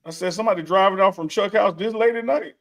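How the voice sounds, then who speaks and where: A man's voice: high voice, fast. A man co-hosting a casual live sports talk show, bantering, joking and reading a sponsor plug. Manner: joking banter, laughs often. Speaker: co-host.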